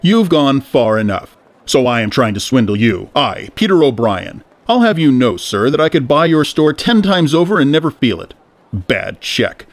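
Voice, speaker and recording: A man's voice: mid-range voice, big pitch swings, normal speed, dry recording. A man voicing a portly, pompous older tycoon who blusters when offended. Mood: indignant.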